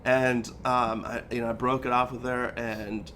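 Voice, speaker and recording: A man in his thirties co-hosts a podcast and tells a personal story in loose, casual chat, acting out the lines he quotes. His voice is mid-pitched and swings up and down as he gets into the story. A faint hiss sits under it. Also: normal speed. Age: 30s. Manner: animated, acts out quoted lines, says "dude" and "like" a lot. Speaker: podcast co-host.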